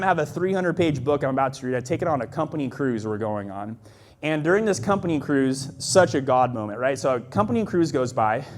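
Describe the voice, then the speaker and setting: A young man casually telling a personal testimony, animated and full of fillers, acting out the voices he quotes. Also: mid-range voice, slight background noise. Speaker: storyteller sharing a personal testimony.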